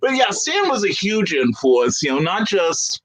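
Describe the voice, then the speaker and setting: A man's voice: high voice, unhurried, a crowd in the background, low-quality recording. A middle-aged American man telling a long anecdote as a guest in a casual video-call interview, acting out the people he quotes. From United States. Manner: animated anecdotal storyteller, acts out quoted voices.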